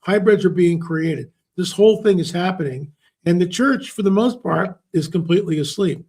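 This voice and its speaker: A man's voice: high-pitched, normal speed, darkish tone, breathy edge. A man speaking as an interview guest, telling stories emphatically and repeating words for stress. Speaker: interview guest, author and researcher. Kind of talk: conversational interview talk.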